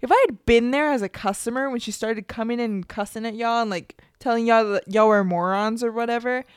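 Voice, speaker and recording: Young female co-host, brash and outspoken, a bit high-pitched, dry mic. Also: brisk, clear, resonant tone, no room sound. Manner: blunt, combative, swears. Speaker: podcast co-host. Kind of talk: casual chat.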